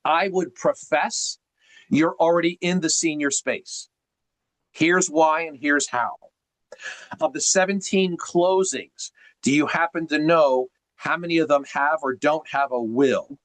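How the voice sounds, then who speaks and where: A man's voice: fairly high pitch, unhurried, fairly bright tone, no echo, rough recording. A man coaching on a group video call, teacherly and emphatic, firing off rhetorical questions. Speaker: sales coach.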